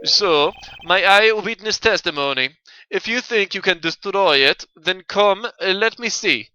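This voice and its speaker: A man's voice: high-pitched, expressive, measured pace, bright, forceful tone, clear, resonant tone, no echo, highs cut off, voice pushed up, full character voice. A man voicing an irritable, pompous male airline passenger in a put-on North European accent, reading game dialogue over game music. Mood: indignant. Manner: stiff, haughty, clipped declarations. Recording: game music playing underneath.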